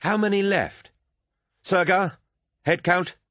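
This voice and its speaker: A man's voice: on the low side, sing-song, moderate pace, fairly bright tone, husky, dry recording, clean studio sound, exaggerated voice. Guy putting on a cocky soldier captain, mocking and barking, swings up and down a lot. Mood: scornful. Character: brash, insolent male warrior captain.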